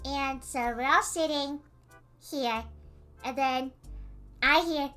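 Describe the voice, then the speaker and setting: A woman streamer casually retelling a story in an animated way, full of fillers and quick laughs. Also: high-pitched, faint music behind.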